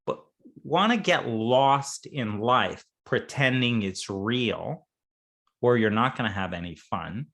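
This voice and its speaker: A male coach speaks slowly and without hurry, and his pitch swings widely from line to line. He is playful, laughs often and acts out small scenes as he talks. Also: expressive, fairly bright tone. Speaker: coach and interview guest. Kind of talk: conversational coaching talk.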